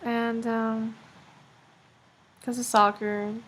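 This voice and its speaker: A woman's voice: on the high side, little pitch movement, drawn-out words, a bit bright. A teenage girl rambling through a casual video diary, chatty and full of fillers. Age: teens. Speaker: vlogger.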